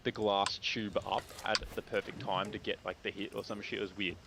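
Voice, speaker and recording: A man's voice: on the low side, level tone, a little fast, vocal fry. Rambling Australian guy, noisy stream. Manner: rambling, swears often, fills with "like". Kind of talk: casual storytelling chat.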